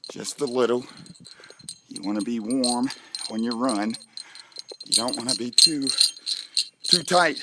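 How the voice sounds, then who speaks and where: A man's voice: medium pitch, noisy background. A middle-aged man from a school, joking playfully and talking straight to children as he promotes a fun run outdoors on chilly school grounds. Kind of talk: joking promotional video for kids.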